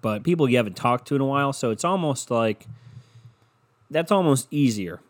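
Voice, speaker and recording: At a normal speed and in an animated mid-range voice, a podcast host talks solo from his darkened bedroom through a microphone. His delivery is rambling, jokey, and full of swearing.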